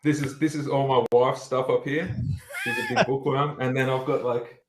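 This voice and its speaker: A man, a guest vet, chatting in a relaxed way and laughing easily. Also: mid-range voice, normal speed, noisy background. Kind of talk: casual guest chat. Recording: echoey room on a video call.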